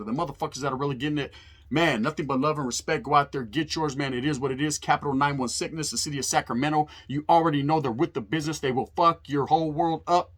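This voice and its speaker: A man's voice: fairly high pitch, fairly bright tone. A man hosting his own channel, telling prison stories in a casual, emphatic monologue full of street slang and swearing.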